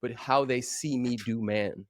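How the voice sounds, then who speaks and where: A man in his forties, a coach talking as a guest in a podcast interview, telling stories with animated energy and acting out other voices. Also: medium pitch, a little slow, no echo, studio quality. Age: 40s. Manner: animated storyteller who acts out voices.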